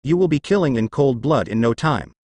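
A man voicing a cold, apathetic young male ninja who speaks calmly and flatly. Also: medium pitch, fairly quick, dry recording, close to an everyday voice. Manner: flat, calm, clipped delivery.

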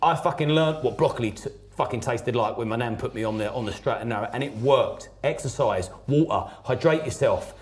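A man's voice: mid-range voice, a little fast, few pauses. A man telling his personal story as a podcast guest, blunt and emphatic, swearing heavily.

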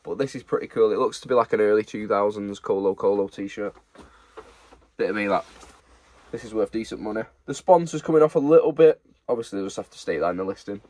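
Talking fast in a fairly low, slightly mellow voice, a young online reseller rambles through a casual haul chat. He's showing off the secondhand football shirts he's reselling.

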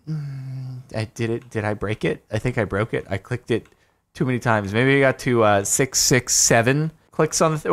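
A young man commentating his own gameplay, excitable, talking to himself and to the game, his voice jumping up when he gets frustrated. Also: on the low side, moderate pace. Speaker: gaming YouTuber. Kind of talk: live Minecraft gameplay commentary.

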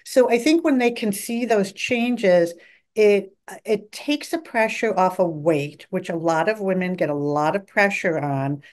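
A middle-aged woman answers questions on a podcast as a guest expert. She talks at length with eager energy and often acts out what her patients say. Her voice sits at an everyday middle pitch. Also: a little slow. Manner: enthusiastic, talkative, quotes patients in lively voices. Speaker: dietitian guest. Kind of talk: podcast interview.

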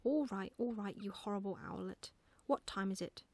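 Whispered role-play: woman doing a grumpy, sleepy father owl, gruff, dry close sound. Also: medium pitch, moderate pace, a little mellow, dry recording, close to an everyday voice.

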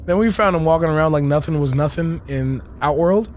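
A hoarse man with a cold co-hosting a casual let's-play, griping and swearing loudly. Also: a little high, fairly quick, slight background noise. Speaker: co-host. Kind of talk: casual gaming chat.

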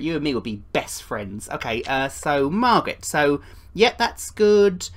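Woman, gameplay commentary, lowish voice, very animated pitch, playful character voices. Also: measured pace. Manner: chatty, swaps into put-on voices for visitors. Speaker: gaming YouTuber.

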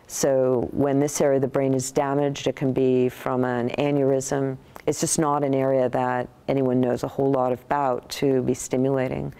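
A middle-aged woman scientist speaks low and warm, her voice gravelly with fry. She recounts her research in an interview, thoughtful and animated, restarting sentences as her thoughts catch up. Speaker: neuroscientist.

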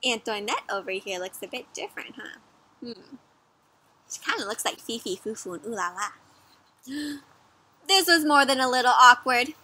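A young woman reading a picture book aloud for children, animated, often pausing to ask her listeners questions. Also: a little high. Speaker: children's storyteller. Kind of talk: interactive read-aloud for kids.

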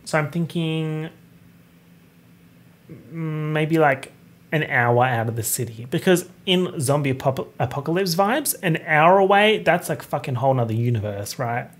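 A young man hosting a casual solo podcast, talking in an animated, campy way and swearing freely. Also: on the high side, measured pace. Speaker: podcast host.

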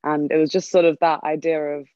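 A woman's voice: sits low, flat delivery, a little fast, warm tone, dry recording, dull audio. A woman in the film's cast answering on a Q&A panel, rambling casually with many fillers and restarts. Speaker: film cast member on a Q&A panel.

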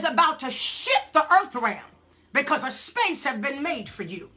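A woman preaching a sermon, telling a halting, emotional testimony and building to shouted preaching. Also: high voice, big pitch swings.

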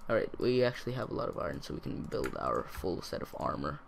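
A teenage boy casually commenting on his own gameplay, talking to himself in a rambling way with sudden excited outbursts. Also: low-pitched, fast, creaky. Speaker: gaming channel host.

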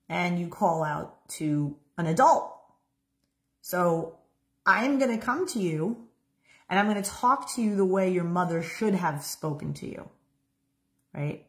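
A woman's voice: on the low side, slow pace, long pauses. A woman who works as a relationship coach, talking casually and animatedly and often checking in with "right?". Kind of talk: coaching talk with a demonstration role-play.

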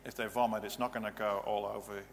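A man's voice: fairly low pitch, flat delivery, fast talker, vocal fry. A male pastor giving a practical, matter-of-fact teaching sermon in a church. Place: church hall. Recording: reverberant hall, faint hum.

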